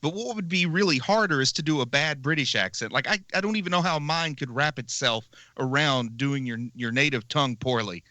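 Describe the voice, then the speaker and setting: A man's voice: a little high, fairly quick, hardly any pauses, pushed and bright, no room sound. A man co-hosting a movie podcast, chatting casually with long opinionated riffs and frequent laughs. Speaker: podcast co-host. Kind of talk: casual movie review chat.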